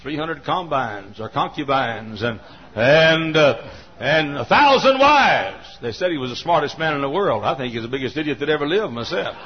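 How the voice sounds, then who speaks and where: A male pastor preaching a sermon from a church pulpit, repeating phrases and swinging from hushed tones to shouting. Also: fairly high pitch, animated, normal speed. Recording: dull lo-fi sermon recording.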